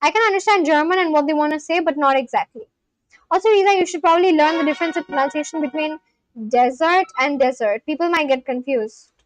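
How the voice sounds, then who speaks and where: A woman's voice: sits high, fast talker, no echo. A woman from India, streaming casually, answering chat and repeating practice phrases as she thinks aloud. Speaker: livestreamer learning a language.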